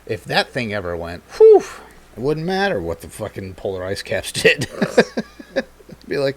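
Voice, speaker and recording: A man's voice: lowish voice, sing-song, moderate pace. A man hosting a casual podcast chat, rambling and swearing freely, laughing often and reading snippets aloud. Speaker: podcast host.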